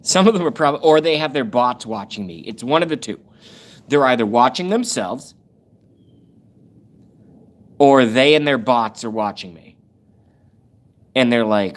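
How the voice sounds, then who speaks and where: A man of middling pitch rants through a livestream, reading chat comments aloud as he goes. His talk rambles and turns profane, and his voice leaps up and drops back without warning. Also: animated, measured pace, pauses often. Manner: rambling, profane, sudden jumps in pitch and loudness. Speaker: livestream host.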